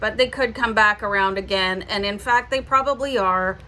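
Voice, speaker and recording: A woman's voice: mid-range voice, normal speed, pushed and bright. A woman with a Canadian accent giving a casual, reassuring tarot reading, often checking in with "okay?". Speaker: tarot reader.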